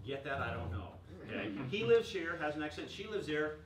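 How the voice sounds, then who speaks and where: A man giving a lively workshop presentation to a room, joking and quizzing the audience. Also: on the high side, fairly quick, noisy background. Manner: energetic, jokey, asks the audience questions. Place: chamber of commerce meeting room. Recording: echoey room recorded from far off.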